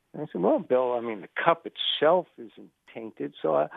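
A man's voice: medium pitch, measured pace, gravelly, few pauses, dry recording. An older man, a sports journalist calling into a radio show, telling a long story and acting out the people he quotes. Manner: animated anecdotal storyteller, acts out quoted dialogue. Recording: phone line.

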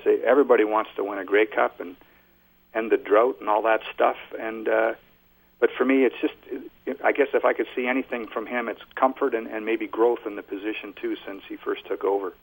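A man speaking as a guest on a radio interview, relaxed and easygoing. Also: on the low side, fairly quick, low-quality recording. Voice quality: gravelly, husky.

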